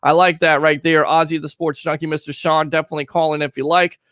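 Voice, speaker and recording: An energetic man hosting a live sports talk show, reading fan comments aloud with plenty of emphasis. His voice sits high for a man and comes across dry and close, with no room sound around it. He talks like a host keeping a call-in show rolling. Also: fast talker, dry recording.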